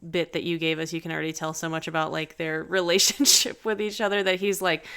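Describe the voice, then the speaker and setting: A woman's voice: fairly low pitch, fairly quick, creaky, few pauses, fairly bright tone, smooth. A woman co-hosting a casual podcast interview, enthusiastic and giggly. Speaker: podcast co-host.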